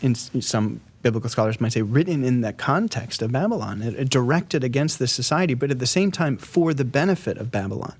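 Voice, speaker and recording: Man, podcast guest, art historian, lively storyteller, casual chat, mid-pitched voice. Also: fairly quick, hardly any pauses, slightly rough. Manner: lively storyteller, laughs easily, quotes figures in playful voices.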